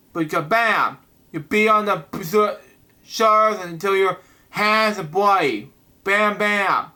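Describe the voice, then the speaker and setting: Bright, high-voiced man reading comics aloud. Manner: halting, with frequent "wow" and "anyways". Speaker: comic book reviewer, channel host. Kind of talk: casual reading and commentary.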